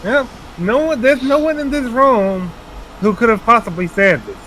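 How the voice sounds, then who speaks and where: A man's voice: very high-pitched, lively intonation, normal speed, fairly bright tone, a little hiss or hum, rough recording. A man running a tabletop role-playing game as game master, calling for dice rolls and setting the scene. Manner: leads the scene, calls for rolls.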